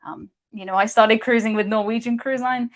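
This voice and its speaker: A woman's voice: on the high side, brisk. A woman hosting a cruise live stream, chatting casually and reading out viewer comments with frequent laughs. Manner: chatty, laughs often, excitable.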